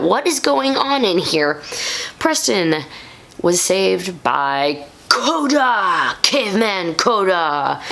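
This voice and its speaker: A woman chatting through an episode recap as a reviewer, animated and full of quick asides. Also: low-pitched, creaky. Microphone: condenser mic, home setup.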